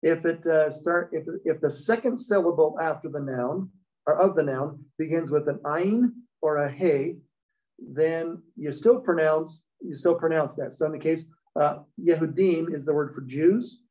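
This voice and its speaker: A man with a fairly high, darkish voice speaks a little slowly as he leads a Hebrew class, walking students through the material step by step and checking in with them. It's a classroom lecture captured on a dull, lo-fi recording.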